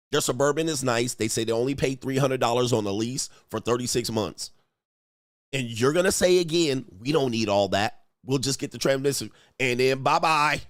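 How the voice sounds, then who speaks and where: A man hosting a relationship reaction show, talking in animated, slangy casual commentary and mocking others in put-on voices. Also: mid-range voice, no room sound, studio quality.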